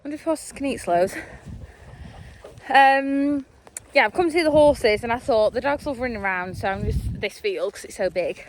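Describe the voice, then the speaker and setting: A woman's voice: a little high, moderate pace. A young woman, chatting casually to a handheld phone in a big field with horses and dogs. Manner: chatty, laughing asides, talking to animals. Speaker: vlogger. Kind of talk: casual vlog chat.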